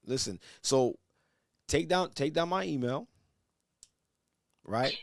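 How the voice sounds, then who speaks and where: A man's voice: medium pitch, animated, slow pace, vocal fry, no echo, studio quality. Stammering preachy male church host. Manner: stammers and repeats words, preachy. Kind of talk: religious call-in talk.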